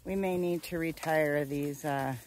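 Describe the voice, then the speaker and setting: A woman's voice: low voice, steady tone, measured pace, a little mellow. A woman on her farm talking playfully to her goats in affectionate baby talk. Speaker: farm vlogger. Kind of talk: casual chat with farm animals. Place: outdoors on a small farm.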